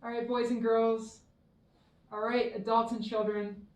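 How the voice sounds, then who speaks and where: A woman minister giving a children's dharma talk, telling a story in a warm, expressive way. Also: a little high, a little slow. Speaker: temple minister. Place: temple hall. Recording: echoey hall, mic far off.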